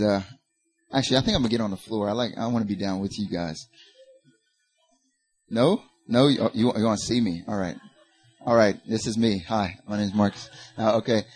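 Speaking to a church group in a husky, darkish, lowish voice, this young Southern-accented man from North Carolina is a guest speaker. His casual talk and spoken word are jokey and chatty, packed with filler words.

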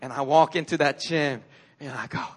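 Male pastor, fairly high voice, conversational animated sermon in church, storytelling. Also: moderate pace, background noise.

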